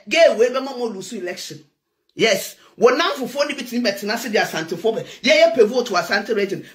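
A Ghanaian woman with a Ghanaian accent, a preacher, delivering a loud, teasing political rant with frequent laughter. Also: a little high. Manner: loud, teasing, laughing, switches between Twi and English.

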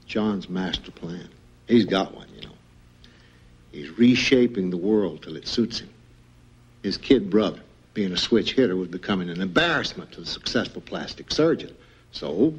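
A man's voice: low voice, animated, normal speed, husky, muffled recording. An actor playing an older, blunt and doting Texas oilman father, folksy and scornful. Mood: gruff, scornful. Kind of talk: TV film drama acting.

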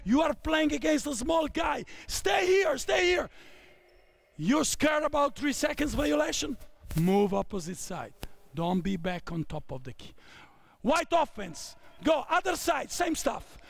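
A man's voice: extremely high pitch, very animated, unhurried, vocal fry, dry recording. A man in his fifties from Italy with an Italian accent, coaching players through drills on a court with short barked commands. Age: 50s. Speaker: basketball coach. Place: indoor basketball court.

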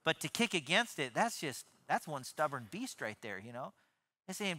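Bright, high-voiced man preaching. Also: moderate pace. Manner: animated, repeats words, restarts often; acts out quoted voices in his preaching. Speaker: pastor. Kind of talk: sermon.

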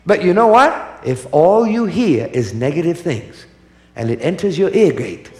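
A man's voice: on the high side, big pitch swings, measured pace, darkish tone, reverberant. A man preaching a sermon to a congregation, emphatic and repetitive, calling for answers from the crowd. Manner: emphatic, repetitive, call-and-response.

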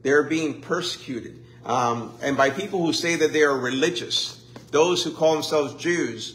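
A pastor preaching a conversational sermon in a church, with lively asides and mock complaints. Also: male voice, on the high side, unhurried, slight background noise. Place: church sanctuary.

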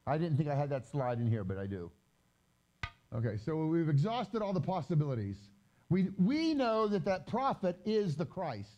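A man giving a conversational Bible teaching with slides, reading scripture slowly and explaining it in loose, chatty asides. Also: on the high side, sing-song, warm tone, highs cut off. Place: gathering hall during a live-streamed event.

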